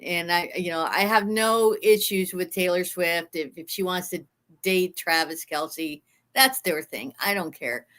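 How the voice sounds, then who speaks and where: A woman's voice: lowish voice, a bit bright. A woman co-hosting a casual sports podcast, earnest and opinionated, often restarting her sentences as she thinks.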